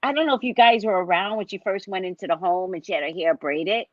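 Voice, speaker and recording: A woman hosting a casual chat over a video call, telling stories in an animated way and acting out what others said. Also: mid-range voice, fast, dry recording, highs cut off. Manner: animated storyteller who acts out quotes. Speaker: host, psychic reader.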